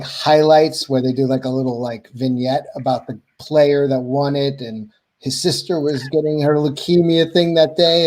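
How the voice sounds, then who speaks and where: A man chatting casually as a co-host on a livestream, halting and swearing often. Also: a little high, a little mellow. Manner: halting, profane, with many restarts.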